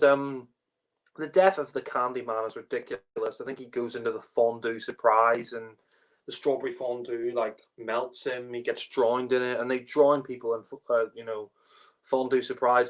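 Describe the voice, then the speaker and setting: A man's voice: medium pitch, low-quality recording. A man giving a casual spoken review, rambling with lots of fillers and restarts. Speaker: podcast panelist reviewing a TV story.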